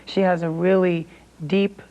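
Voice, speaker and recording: Tired woman talking low and gravelly, laid back, lots of "like"s, dull old tv audio. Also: normal speed. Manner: relaxed, offhand, with fillers. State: tired from little sleep. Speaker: singer being interviewed. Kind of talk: casual interview chat. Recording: dull lo-fi 1990s TV interview audio.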